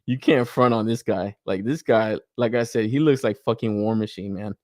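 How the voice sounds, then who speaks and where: Swearing, animated male toy podcaster. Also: normal speed, no room sound, clean studio sound. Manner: animated, swears a lot, laughs often, rants with rising pitch. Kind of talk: casual review chat.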